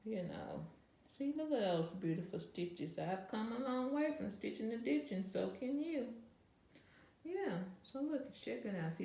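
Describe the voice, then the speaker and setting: A woman's voice: fairly low pitch, gravelly, darkish tone. A woman hosting her quilting channel, showing her work in a chatty, encouraging way with lots of "you know" fillers. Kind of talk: casual show-and-tell vlog. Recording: echoey room.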